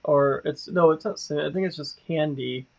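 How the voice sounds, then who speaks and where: Casual livestream co-host, man, talkative, fairly high voice, muffled audio. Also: a little fast, gravelly, a little mellow. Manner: chatty, laughs often. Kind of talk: casual chat.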